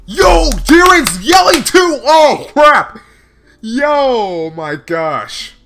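Excitable high-voiced man reacting. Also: extremely slow, soft background music. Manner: excitable, bursting into exclamations and laughs; slangy, casual filler talk. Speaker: reaction video host. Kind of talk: live reaction commentary.

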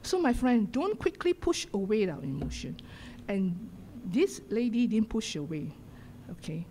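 A woman's voice: mid-range voice, very animated, measured pace, slight background noise. Singaporean woman pastor preaching passionately. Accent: Singaporean English. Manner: impassioned, shifts between loud exhortation and hushed whispers. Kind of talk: sermon. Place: church sanctuary.

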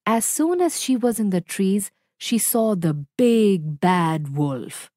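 A woman reading a children's story aloud in a slow, clear and expressive narration, recorded on a close mic. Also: medium pitch, no echo.

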